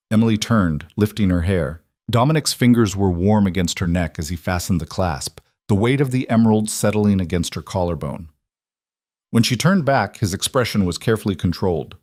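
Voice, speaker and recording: Low-voiced man narrating a romance story. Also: moderate pace, darkish tone, no echo, studio quality.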